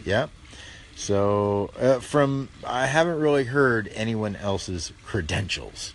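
Slow, low-voiced wry male host. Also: animated. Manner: rambling, chuckling, wry. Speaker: radio show host. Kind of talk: casual call-in talk.

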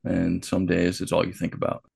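A deep-voiced man with a rough, gravelly texture tells his story with blunt candor, swearing freely and voicing the thoughts in his head. The sound is dry and close, with no room around it. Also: monotone, moderate pace, a little mellow, dry recording. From United States. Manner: frank and profane, with quoted inner dialogue and restarts. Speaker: author and artist, podcast guest. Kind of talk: candid conversational storytelling.

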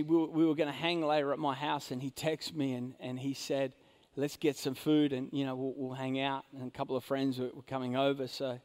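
A man with a high voice preaches a sermon as a pastor. He tells a personal story in a loose, conversational way, full of fillers. He swings from loud, emphatic lines down to hushed asides. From Orange County, California. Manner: conversational fillers like "like" and "you know".

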